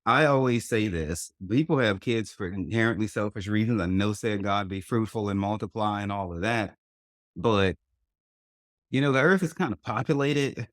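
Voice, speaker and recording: A man's voice: lowish voice, normal speed, a bit bright, dry recording, clean studio sound. A man hosting a podcast, talking in a blunt, crude and opinionated way. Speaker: podcast host. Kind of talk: casual podcast chat.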